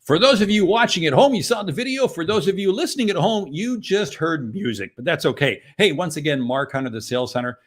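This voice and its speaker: Lively, jokey male podcast host. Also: fairly high pitch, a little fast, few pauses. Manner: jokey, energetic, playful interjections. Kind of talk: upbeat interview chat.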